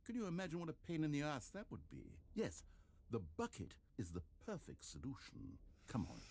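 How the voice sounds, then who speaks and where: A sardonic game narrator. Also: male voice, fairly high pitch, huge pitch swings, moderate pace, creaky, darkish tone, full character voice. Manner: dry, sardonic, coaxing. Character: wry, manipulative male game narrator. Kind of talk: scripted narration.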